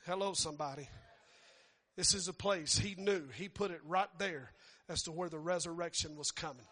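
A man preaching a storytelling sermon who builds to shouting fervor. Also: on the high side, moderate pace, big-room sound.

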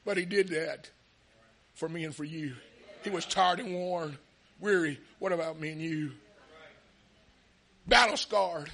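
A man preaching a sermon with passion, often shouting and calling out hallelujah and amen. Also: a little high, measured pace, vocal fry, long pauses.

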